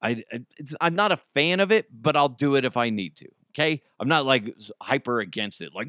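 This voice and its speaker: A podcast host chats solo from his home basement, rambling and joking as he slips into silly voices. He speaks briskly at medium pitch with hardly any pauses, expressive and sharp-toned, on a dry studio-quality recording.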